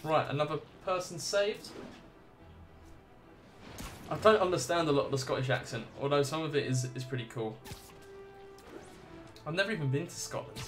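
Speaking at a moderate pace with long pauses, this gaming livestreamer has a fairly high voice and faint music playing behind him. He curses and laughs at the game while chatting easily with his audience in casual let's-play style.

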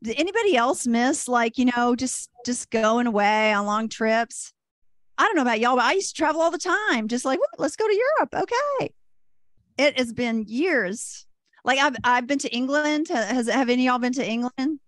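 An older woman from Texas, doing a stand-up comedy set, lively and self-deprecating. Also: on the high side, moderate pace, no room sound, studio quality. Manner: lively, self-deprecating, puts on voices for quoted people.

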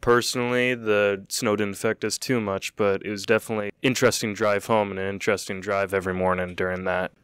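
A man's voice: fairly low pitch, little pitch movement, quick pace, hardly any pauses, fairly bright tone, smooth, no echo, studio quality. A teenage boy chatting as a podcast guest, joking and making goofy asides. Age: teens. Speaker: guest, show choir performer. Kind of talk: casual chat.

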